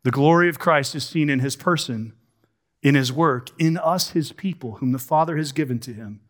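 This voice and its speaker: A man delivers a sermon in an emphatic, questioning style, slowing down to lean on key words. His voice sits a touch higher than most men's. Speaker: preacher.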